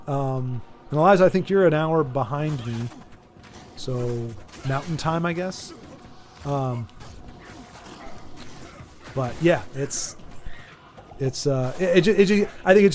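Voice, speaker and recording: A man's voice: on the high side, a little hiss or hum. An American man streaming a game, rambling casually and chatting with his viewers. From United States. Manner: rambling, chatty, lots of restarts, reads chat aloud. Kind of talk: casual chat while gaming.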